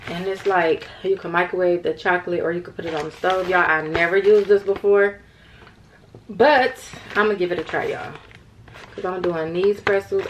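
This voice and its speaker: Chatty tired woman vlogger, low voice. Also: a little hiss or hum. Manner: chatty, rambling, addresses viewers as y'all. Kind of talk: casual vlog chat to camera.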